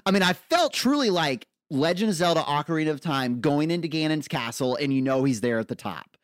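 Man, young adult, podcast co-host, excitable, lively swinging pitch. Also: brisk, dry recording, studio quality. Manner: excitable, gushing. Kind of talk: casual chat.

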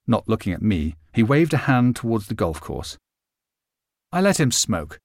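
A man narrating a first-person short story in a vivid, expressive reading. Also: fairly low pitch, moderate pace, dry recording, studio quality.

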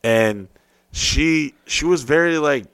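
A man on a podcast telling crude stories and jokes, rowdy and profane, often jumping into loud high put-on voices. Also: slow pace, clean tone, no echo, clean studio sound. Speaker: podcast host. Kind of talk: crude comedic podcast banter.

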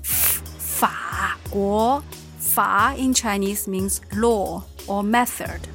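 A woman teaching a language lesson, patiently giving short confirmations and modeling phrases slowly. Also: medium pitch, a bit bright, soft background music.

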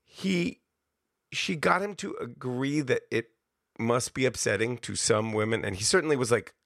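A man's voice: mid-range voice, normal speed, a bit bright, no echo, studio quality. A man hosting a podcast, talking in a chatty, self-deprecating way and laughing often. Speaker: podcast host. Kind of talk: casual conversation.

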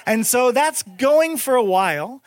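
A man telling a comic story in a rambling, profane, animated way. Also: very high voice, unhurried, dry recording. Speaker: comedian.

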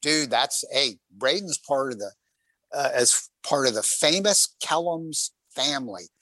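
A man hosting a talk show, telling stories from a bike trip in a casual, animated way and acting out the quotes. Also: medium pitch, measured pace, dry recording. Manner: animated, rambling storyteller who acts out quotes. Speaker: radio show host on a cycling trip. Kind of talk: casual storytelling chat on air.

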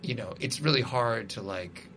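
A man's voice: mid-range voice, moderate pace, a bit bright, slight background noise. A man, a musician guest, chatting casually and rambling with lots of "like" and restarts. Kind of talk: casual conversation.

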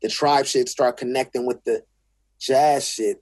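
Husky LA guy cussing and restarting in a casual interview, dry close sound. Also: mid-range voice, steady tone, measured pace, darkish tone, no echo. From South Central Los Angeles. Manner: blunt, profane, restarts often. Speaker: guest.

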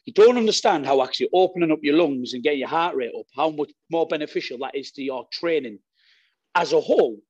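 A man's voice: a little high, fast talker, breathy edge, no room sound, lo-fi sound. Brash, sweary man. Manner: energetic, sweary, blunt. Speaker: guest strongman athlete. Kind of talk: casual podcast chat.

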